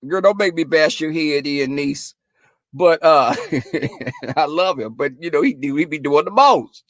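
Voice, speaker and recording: A man hosting a live stream, chatting casually with viewers in a sassy, animated, profane way. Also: a little high, unhurried, no room sound.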